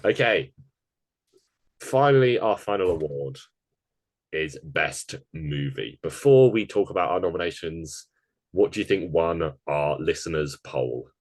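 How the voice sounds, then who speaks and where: Low-voiced man reading award picks. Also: animated, darkish tone, no room sound. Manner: chatty, running through award picks in quick lists. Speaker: podcast co-host. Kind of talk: casual chat.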